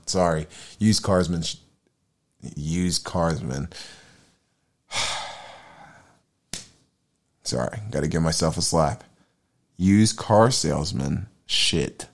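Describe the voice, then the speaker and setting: A man's voice: low-pitched, takes it slowly, pauses often, a little mellow. A man hosting a podcast in a casual monologue, rambling, profane and self-deprecating. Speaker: podcast host.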